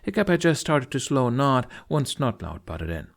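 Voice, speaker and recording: A man narrating a fantasy audiobook in an expressive storytelling style. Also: mid-range voice, moderate pace, creaky. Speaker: audiobook reader.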